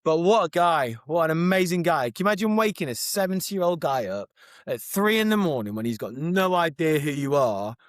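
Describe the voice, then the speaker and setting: A man co-hosting a podcast, telling animated, overexcited stories in casual chat. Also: a little high, a little fast, no echo, studio quality. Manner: animated storyteller, gets overexcited. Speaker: podcast co-host.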